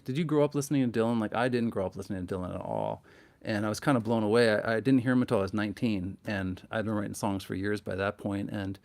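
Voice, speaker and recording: A man from Minnesota talks loosely and reflectively in his living room, circling back on his words as he goes. His voice sits a little low, and a guitar hangs faintly in the background. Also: darkish tone. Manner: rambling, thoughtful, frequent restarts and "like". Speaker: singer-songwriter on a livestream. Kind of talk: casual chat between songs.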